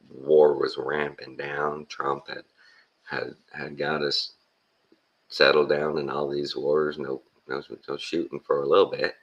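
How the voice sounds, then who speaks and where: A man's voice: a bass voice, gravelly, a bit bright, highs cut off. A man from Texas with a Texan accent, talking in a blunt, plainspoken, rambling monologue full of folksy slang. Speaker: vlogger.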